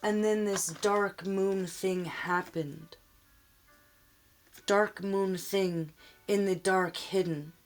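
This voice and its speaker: A woman's voice: medium pitch, fairly even intonation, faint music behind. A woman giving a tarot reading, speaking earnestly and emotionally straight to the viewer. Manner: slow, emotional, earnest, addressing the viewer directly. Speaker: tarot reader.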